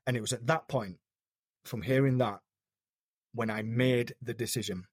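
A man from the United Kingdom speaks as an interview guest, recounting his story earnestly and haltingly, often restarting his sentences. His voice sits at an everyday middle pitch. The recording is dry and close. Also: steady tone, no echo. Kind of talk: personal story in conversation.

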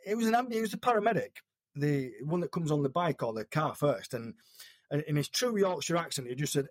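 A man from the United Kingdom, an interview guest, telling a personal story in an earnest, halting way with frequent restarts. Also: on the high side, very animated, no echo, studio quality.

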